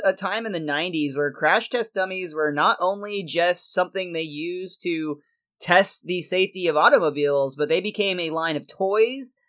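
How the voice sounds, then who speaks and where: A man chatting casually as a podcast co-host, telling the story of an episode in a loose, joking way. He laughs often between lines and keeps a relaxed, everyday tone. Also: sits high. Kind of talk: casual chat recapping a cartoon episode.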